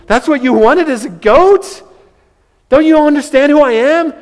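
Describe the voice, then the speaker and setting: A man putting on a high, pleading father. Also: sing-song, takes it slowly, in a large hall, exaggerated voice. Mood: incredulous. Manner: high, loud, imploring. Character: pleading loving father begging his son.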